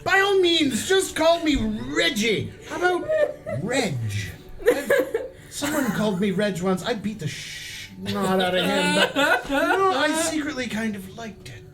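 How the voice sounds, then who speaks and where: Guy doing a snooty stuck-up knight, giggly and stammery, slow and lively, music behind. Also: very high-pitched, heavily acted. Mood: giddy. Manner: haughty, giggling, stammering aristocrat. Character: pompous snobbish male knight, vain and entitled. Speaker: player.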